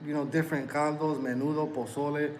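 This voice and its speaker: Hesitant man on a livestream, slightly high. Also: flat delivery, quick pace, slight background noise, rough recording. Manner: hesitant, full of fillers. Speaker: co-host, host's husband. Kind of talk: casual live-stream chat.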